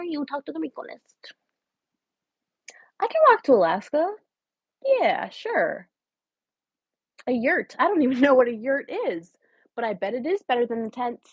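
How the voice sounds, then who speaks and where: A woman's voice: high-pitched, dry recording, muffled recording. A woman playing a scheming homeless woman in her late twenties who wheedles her live chat for a place to stay, shifting into sudden whispers. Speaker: comedic livestream host. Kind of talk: improvised parody livestream.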